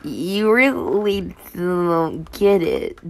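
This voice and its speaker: A woman voicing a possessive, menacing young male killer who taunts in slow growls and hushed whispers. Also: high-pitched, big pitch swings, creaky, exaggerated voice. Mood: taunting.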